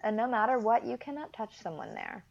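A woman, a guest adoptive mother in a casual interview chat, talking frankly and telling animated stories. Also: fairly high pitch, a little fast, gravelly, dull audio. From Texas, US. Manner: frank, animated storytelling with laughs.

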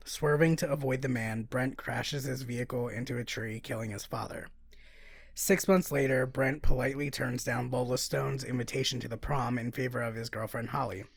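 A woman with a gravelly, husky voice chats on a podcast, laughing easily and wandering through her thoughts with plenty of fillers. She reads a plot summary aloud in an easygoing way, close to a dry mic. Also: a bass voice, steady tone, moderate pace, no echo. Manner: laughs often, rambling with many "like" fillers. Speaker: podcast co-host. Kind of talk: casual chat, reading a plot summary.

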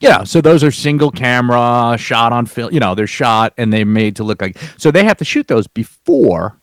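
A man's voice: medium pitch, animated, moderate pace, dry recording. Profane rambling male storyteller. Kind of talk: casual storytelling chat.

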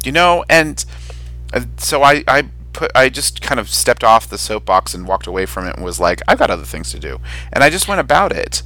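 A man co-hosting a casual podcast, rambling and animated, often jumping up into a high excited voice and swearing casually. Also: fairly quick. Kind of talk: casual chat.

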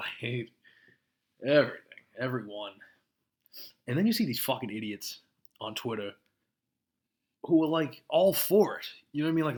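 A man hosting a podcast, ranting casually with lots of swearing and short laughs. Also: mid-range voice. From Massachusetts. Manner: profane, laughing, worked-up ranting. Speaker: podcast host.

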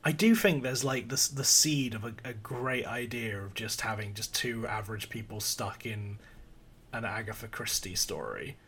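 A man's voice: on the low side, moderate pace, fairly bright tone, a little hiss or hum. A man co-hosting a casual film review podcast, chatty with frequent restarts and laughs. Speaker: podcast co-host.

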